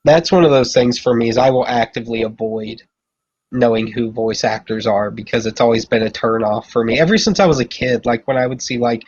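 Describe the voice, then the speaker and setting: A man's voice: medium pitch, brisk, lo-fi sound. A man in casual podcast chat, talking bluntly and complaining in a plain, opinionated way.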